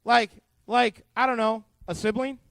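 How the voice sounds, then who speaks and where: High-voiced playful youth pastor. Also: male voice, a little slow, no room sound. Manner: playful and joking, quizzing the kids; animated, full of asides. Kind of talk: youth group Bible lesson.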